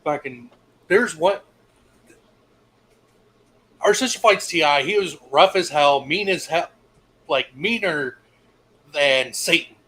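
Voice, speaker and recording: A man's voice: fairly high pitch, lively intonation, takes it slowly, pauses often, bright, forceful tone, husky, poor audio. A young man co-hosting a casual stream, telling laid-back stories and swearing freely. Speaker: stream co-host. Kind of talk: casual storytelling chat.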